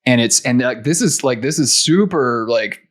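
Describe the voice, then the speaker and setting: A man's voice: medium pitch, lively intonation, normal speed. A man co-hosting a casual marketing talk show, conversational and repeating words as he thinks aloud. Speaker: podcast co-host. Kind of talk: casual chat.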